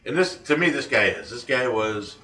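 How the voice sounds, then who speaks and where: A man co-hosts a casual chat, rambling along with ums and restarts. His voice is bright and forward. He sounds a bit off the mic in an echoey room. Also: medium pitch, expressive, moderate pace, far from the mic. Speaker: podcast co-host.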